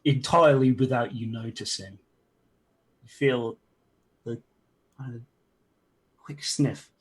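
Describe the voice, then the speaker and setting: A man narrating as game master of a tabletop game, halting, with frequent ums and restarts. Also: mid-range voice, husky.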